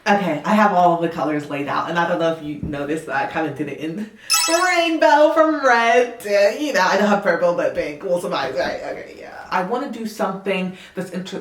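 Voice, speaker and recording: Chatty British woman in a roomy room. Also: mid-range voice. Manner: playfully putting on a Southern drawl; chatty and upbeat, with asides. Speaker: crochet vlogger. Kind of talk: casual chat to camera. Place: home craft studio. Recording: roomy echo.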